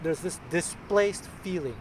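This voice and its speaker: Chatty guitar teacher over loud guitar. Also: male voice, sits high, measured pace, rough recording. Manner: chatty, jokey, counts beats aloud. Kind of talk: casual music lesson. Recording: loud guitar playing under voice.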